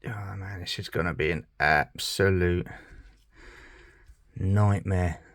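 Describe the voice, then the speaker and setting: British man, lowish voice, half-whispered muttering, mild swearing, casual hobby commentary. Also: slow, fairly bright tone. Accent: British English. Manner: mutters and swears under his breath, often half-whispering. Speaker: toy collector channel host. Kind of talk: casual commentary while repairing a toy.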